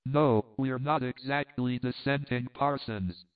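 A man's voice: mid-range voice, fairly even intonation, a little slow, close to an everyday voice. A man voicing an airy, gallant young American man. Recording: phone-like thin sound.

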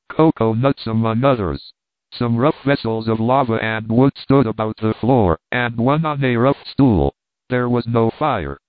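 A man reading a story aloud as scripted narration, in a steady, measured way. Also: mid-range voice, clear, resonant tone, no echo. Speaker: audiobook narrator. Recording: tinny phone-like dry recording.

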